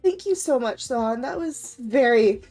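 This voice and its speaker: A woman streaming a game chats casually with her viewers in a somewhat high voice. She is emotional and stammers, laughing through her words. Faint music plays behind her. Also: lively intonation, moderate pace, warm tone. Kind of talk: casual live-stream chat.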